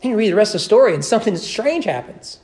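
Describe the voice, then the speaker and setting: A man's voice: high voice, big pitch swings, fast, a little mellow. A man preaching a Sunday morning sermon in a church, earnest and emphatic, building repeated phrases and dropping in wry asides. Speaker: pastor. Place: church sanctuary.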